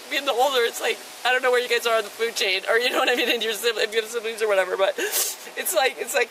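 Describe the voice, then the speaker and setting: A woman's voice: a little high, pushed and bright, poor audio. Rambling tearful woman on body camera. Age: middle-aged. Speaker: woman questioned by police. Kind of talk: emotional conversation with police. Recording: police body camera with clear background noise.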